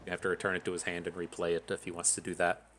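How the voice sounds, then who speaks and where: A man giving casual commentary on his own card game as a streamer, thinking out loud in an analytical, wry way. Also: low-pitched, monotone, very fast.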